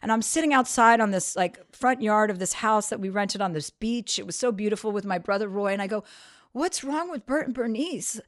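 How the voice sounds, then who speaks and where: A woman's voice: mid-range voice, fairly quick, few pauses. Frank, crude woman telling a story. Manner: frank, crude, self-mocking. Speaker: podcast guest. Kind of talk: storytelling anecdote.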